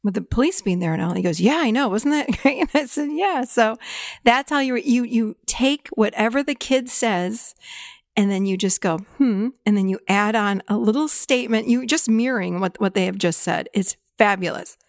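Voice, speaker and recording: A woman's voice: mid-range voice, normal speed, vocal fry, no room sound, clean studio sound. A middle-aged woman talking casually as a podcast guest, telling a story with acted-out quotes and frequent laughs. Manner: animated storytelling, acts out quoted lines, laughs often.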